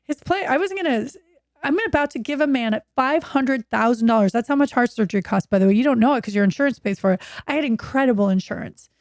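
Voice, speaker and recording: A woman's voice: fairly high pitch, quick pace, dry recording. Woman, fifties, from Oregon, candid storytelling, acts out voices, dry close sound. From Oregon, USA. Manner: animated, acts out quoted voices. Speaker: guest. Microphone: video call.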